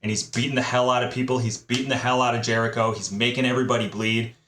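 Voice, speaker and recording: A man's voice: medium pitch, level tone, fast, fairly bright tone, slight background noise. Easygoing man in an echoey room. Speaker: podcast co-host. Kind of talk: casual chat.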